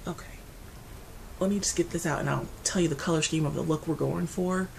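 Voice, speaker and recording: A woman vlogger talking through her grief at home, rambling and restarting, going quiet and then loud. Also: deep voice, a little fast, creaky, a little hiss or hum, low-quality recording. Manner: grieving, rambling, restarts often, swings between quiet and loud. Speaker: beauty vlogger. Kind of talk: casual personal talk to camera. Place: her apartment.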